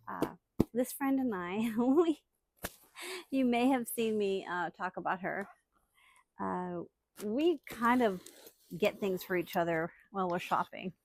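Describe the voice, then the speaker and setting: A woman hosting a casual unboxing vlog, chatty and excitable, laughing often as she talks. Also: mid-range voice, dry recording. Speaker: channel host.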